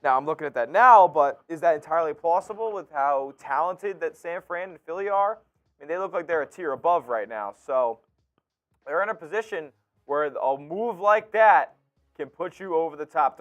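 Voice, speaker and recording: A man co-hosting a casual sports talk stream. His voice is fairly high and smooth. He talks in a loose, conversational way and thinks aloud as he goes. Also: lively intonation, brisk, fairly bright tone, muffled recording, soft background music. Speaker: co-host.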